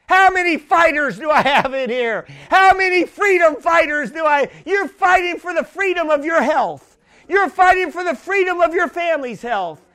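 A man preaching a sermon in an emphatic, repetitive way that builds up to shouting. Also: very high-pitched, lively intonation, normal speed.

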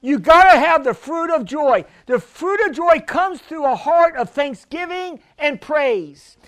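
A pastor preaching a healing sermon, fervent and often shouting, calling for responses from the congregation. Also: male voice, extremely high pitch, animated, measured pace.

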